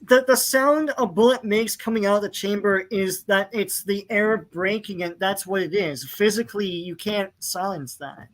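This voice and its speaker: A man's voice: sits high, normal speed, few pauses, a bit bright. A man joining a casual comic book chat, curious and asking questions.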